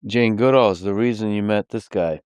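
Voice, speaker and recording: A man with a very deep, low voice hosts a podcast interview. He speaks calmly and unhurriedly, earnest and plain. The sound is close and dry, from a studio mic. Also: a little fast, clean tone, dry recording. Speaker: podcast host. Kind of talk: casual interview conversation.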